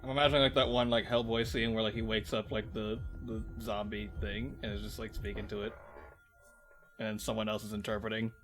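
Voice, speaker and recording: A man's voice: on the low side, level tone, fairly quick, soft background music. A man playing a tabletop game, rambling and joking with many fillers. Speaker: player. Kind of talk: casual tabletop game play.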